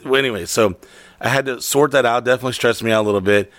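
A man chatting casually and telling a story, swearing often and deadpan in his delivery. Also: medium pitch, rapid-fire, dry recording. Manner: profane, deadpan.

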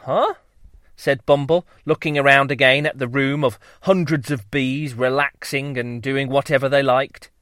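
A man narrating a children's story in a playful, drawn-out way. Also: mid-range voice, no echo, clean studio sound. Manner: lively, playful, drawn-out delivery.

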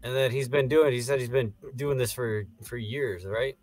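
A man's voice: medium pitch, normal speed, soft background music. A man co-hosting a casual podcast chat, loose and joking with lots of fillers. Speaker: podcast co-host.

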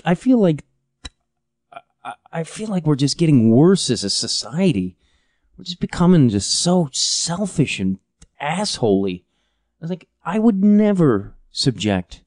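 Profane ranting man, mellow dry voice. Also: a little high, no room sound. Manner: profane, exasperated, rambling with restarts. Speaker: podcast host. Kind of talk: ranting comedic monologue.

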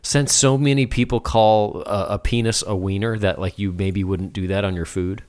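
A man's voice: on the low side, steady tone, normal speed, a little mellow. A man co-hosting a casual podcast chat, musing aloud and asking playful questions. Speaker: podcast co-host.

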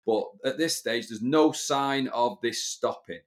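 Man, podcast co-host, sardonic, grumbling, hesitant fillers, mid pitch. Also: measured pace. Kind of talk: casual chat recapping a TV soap.

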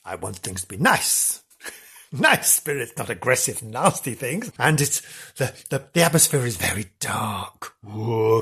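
A man hosts a comic podcast, telling spooky tales with theatrical relish. His pitch rises and falls widely as he teases the listener. His voice has a faintly husky edge. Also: very animated, unhurried, fairly bright tone. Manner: theatrical, teasing, playful asides. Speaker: podcast host.

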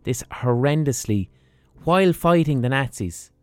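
A man's voice: mid-range voice, lively intonation, normal speed, clean tone. A man hosting a podcast, delivering a blunt, profane, ranting monologue. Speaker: podcast host.

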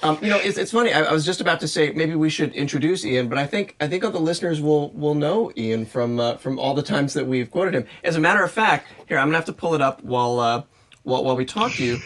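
A man co-hosting a podcast, easygoing and quick to laugh in casual chat. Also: on the high side, lively intonation, a bit bright. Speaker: podcast co-host.

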